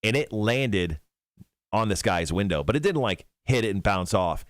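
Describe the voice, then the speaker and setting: A man's voice: lowish voice, lively intonation, moderate pace, no echo, studio quality. A male radio host chatting casually on a morning show, telling stories and laughing often while he tells them. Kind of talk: casual morning show chat on a live stream.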